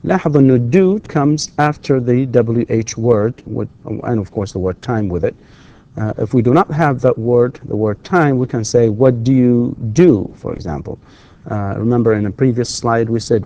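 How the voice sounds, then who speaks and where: A man giving a recorded university English lecture, explaining slowly and patiently with repetitions and hesitations. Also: mid-range voice, warm tone, lo-fi sound. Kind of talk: recorded distance-learning lecture.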